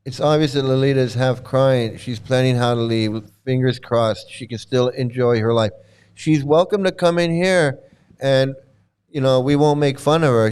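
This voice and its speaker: A man's voice: mid-range voice, a little mellow, clear, resonant tone. A man hosting a casual reaction commentary, blunt and mocking, who swears freely and repeats his points. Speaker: channel host commenting on a livestream.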